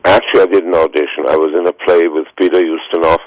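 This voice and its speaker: A man in his nineties, a radio interview guest, telling stories slowly and haltingly with many fillers, heard over a phone line. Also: low voice, flat delivery, no room sound. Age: 90s.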